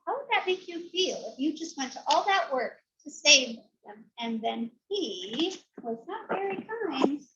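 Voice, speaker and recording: Slow, high-voiced teacher reading a picture book to small children, animated and drawn-out, dull lo-fi sound. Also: female voice, a little hiss or hum. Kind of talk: storybook read-aloud for young children. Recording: dull lo-fi recording.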